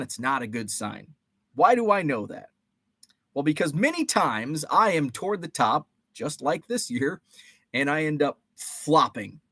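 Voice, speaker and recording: A man's voice: fairly high pitch, fairly bright tone, dry recording, clean studio sound. A man hosting a casual live stream, chatting and greeting viewers by name with rambling asides. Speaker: podcast host.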